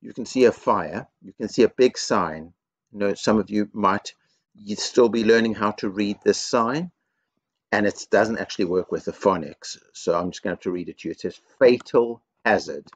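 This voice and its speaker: A man, a headteacher, giving a school assembly to young children with slow, simple explanations and lots of repetition. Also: fairly low pitch, no room sound.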